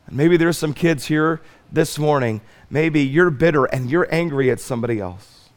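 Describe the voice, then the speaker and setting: Man preaching, pastor, fairly high pitch, earnest, loud emphasis then soft pleading. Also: normal speed. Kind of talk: sermon. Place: church sanctuary.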